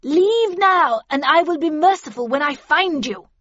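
A woman voicing a stern old woman agent who speaks briskly and grimly. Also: medium pitch, animated, husky, no room sound, dull audio. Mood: defiant. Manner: brisk and grim.

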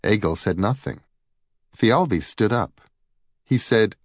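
Slow, expressive male storyteller. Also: fairly low pitch, no echo, clean studio sound. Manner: unhurried, expressive. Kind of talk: storybook narration.

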